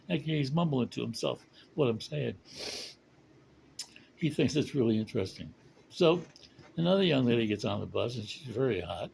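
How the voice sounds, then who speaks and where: Gravelly man spinning a rambling joke. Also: medium pitch, animated, darkish tone, slight background noise, poor audio. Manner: rambling, chuckling, slows for punchlines. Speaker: storyteller. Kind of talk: casual joke telling.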